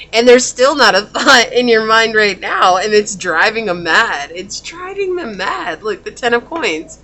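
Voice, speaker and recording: A woman giving a casual pick-a-card tarot reading, animated and laughing often, acting out what people might say. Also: on the high side. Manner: animated, laughing, acts out quoted voices. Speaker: tarot reader.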